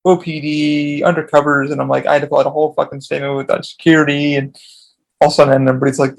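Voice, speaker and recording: Casting: man, podcast host, gravelly and a bit high-pitched, profane, rambling storyteller. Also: little pitch movement, rapid-fire, poor audio. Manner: profane, rambling, with frequent restarts.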